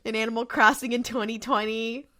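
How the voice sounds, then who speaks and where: A woman's voice: fairly high pitch, level tone, fairly quick, sharp tone. A woman co-hosting a podcast, casually chatting with opinionated, laughing asides. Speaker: podcast co-host. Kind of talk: casual recap chat.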